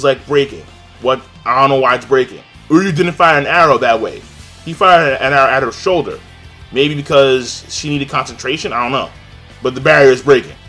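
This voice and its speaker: A young man with a fairly high voice reacts live as he reads a chapter, excitable and profane. He jokes constantly and talks straight to his viewers. Faint music plays underneath. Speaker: channel host reacting to a manga chapter.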